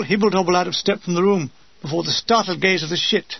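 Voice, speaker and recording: A man's voice: high voice, fast talker, vocal fry, breathy edge, no room sound, muffled recording. An older man reading his humorous wartime memoir aloud with a dry comic delivery, briefly mimicking his comrades.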